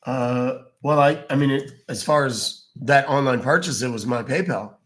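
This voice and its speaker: Man, live stream, hesitant, halting speech, lots of fillers, worn voice, mid pitch. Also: a bit bright. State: losing his voice. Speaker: scam-baiting streamer. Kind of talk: casual live stream chat and playing a caller.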